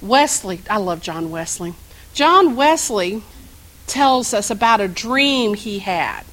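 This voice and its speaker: A woman's voice: mid-range voice, animated, slow, a bit bright, rough recording. A middle-aged woman minister preaching a sermon, telling stories and asking the congregation questions. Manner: storytelling, asks the congregation questions.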